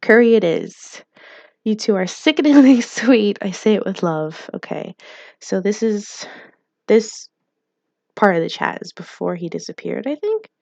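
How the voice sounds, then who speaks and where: A woman's voice: medium pitch, animated, a little slow, creaky, a little mellow, no echo. A woman playing a mobile game, reading its text messages aloud in light put-on voices and chatting casually, laughing often. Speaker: gaming YouTuber.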